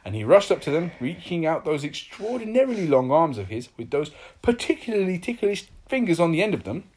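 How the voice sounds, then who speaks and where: A woman's voice: fairly low pitch, very animated, a little fast, a little mellow, slightly rough. A woman reading a children's story aloud in a playful, sing-song way.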